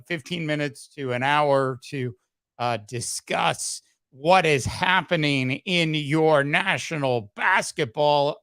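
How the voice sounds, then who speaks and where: A man hosting a casual sports podcast, halting with many fillers and throat-clearing, his voice slightly hoarse. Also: a little high, fairly bright tone, dry recording, clean studio sound. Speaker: podcast host. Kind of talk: casual sports talk livestream.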